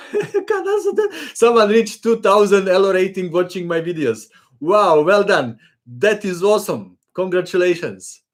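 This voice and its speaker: Chatty man, higher voice. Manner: hesitant, many fillers, friendly. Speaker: chess channel host. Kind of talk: casual live-stream Q&A.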